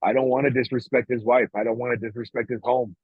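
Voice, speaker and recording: A man's voice: medium pitch, fairly even intonation, fast talker, slightly rough, no echo. A man talking casually on a podcast, blunt and profane, often emotional and restarting his sentences. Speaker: podcast co-host. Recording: dry, tinny phone-like sound.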